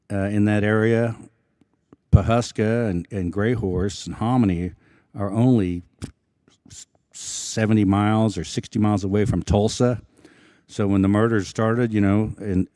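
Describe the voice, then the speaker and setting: An Osage man from Oklahoma, a film actor speaking as an event guest, telling stories in a halting, earnest way with many restarts. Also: lowish voice, warm tone, dry recording, clean studio sound. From Osage Nation, Oklahoma. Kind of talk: casual storytelling talk. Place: public evening event.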